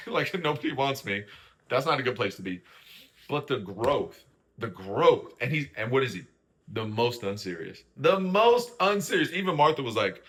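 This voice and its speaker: A young man talks through a reality-show recap in a loose, opinionated way. His tone is bright and forceful, and he keeps checking in with the listener. His pitch sits in a typical middle range for a man. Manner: chatty, keeps asking "right?" and "you know what I mean?", acts out quoted lines. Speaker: host.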